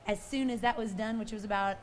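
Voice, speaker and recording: A woman's voice: mid-range voice, fast talker, slight background noise. Breathless, bubbly woman guest. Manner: bubbly and excited. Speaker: guest, barrel racer. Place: live event stage.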